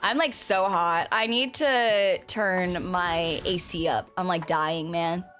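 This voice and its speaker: A young woman vtuber chatting casually as she plays a game, swearing and breaking into sudden shouts. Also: on the low side, slow pace, soft background music. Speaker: vtuber streamer. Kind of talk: casual gameplay commentary.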